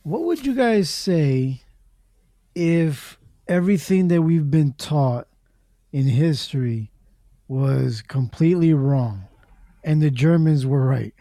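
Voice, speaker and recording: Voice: medium pitch, expressive, takes it slowly, dark tone, no room sound, clean studio sound. A guest in a casual chat who asks offhand, provocative questions.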